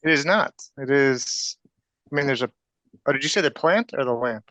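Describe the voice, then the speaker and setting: A man talks into a headset mic with short, dry quips. His voice sits at an ordinary pitch. The recording is close and dry. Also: moderate pace, no room sound. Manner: dry, deadpan humor. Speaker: club member, guest. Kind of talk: casual podcast chat.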